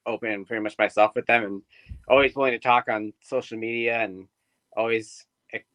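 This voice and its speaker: A man's voice: mid-range voice, fairly even intonation, brisk, a bit bright, dry recording, poor audio. A young man, a guest on a podcast, talking about himself in an easygoing way and laughing often. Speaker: podcast guest, pro wrestler. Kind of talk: casual interview chat.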